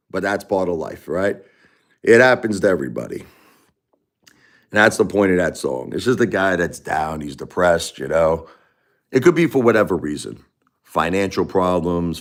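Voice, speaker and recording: Rambling Brooklyn-accented man in his forties. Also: deep voice. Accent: New York (Brooklyn). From New York. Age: 40s. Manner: rambling and chatty, full of "you know" and restarts. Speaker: live streamer. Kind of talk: casual live-stream chat.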